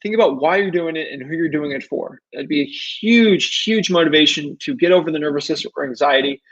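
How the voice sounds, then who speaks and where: A man's voice: fairly high pitch, a little fast. Chatty young man coaching, dull lo-fi sound. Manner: chatty, repetitive, animated asides with fillers. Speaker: real estate wholesaling coach. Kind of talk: casual spoken tutorial. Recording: dull lo-fi audio.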